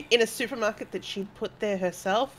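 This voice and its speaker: A woman's voice: medium pitch, normal speed, slight background noise, rough recording. A woman telling a story in a casual group chat, laughing as she goes.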